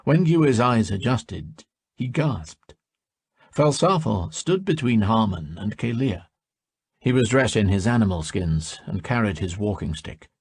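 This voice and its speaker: A man narrating an audiobook in a measured storytelling manner. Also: fairly low pitch, animated, darkish tone, breathy edge, dry recording.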